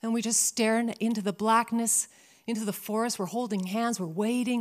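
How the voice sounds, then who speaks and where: Woman in her 50s from canada telling a funny dramatic story, fairly high voice, lots of punch. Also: normal speed. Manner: animated, dramatic, comic timing. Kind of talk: live personal storytelling.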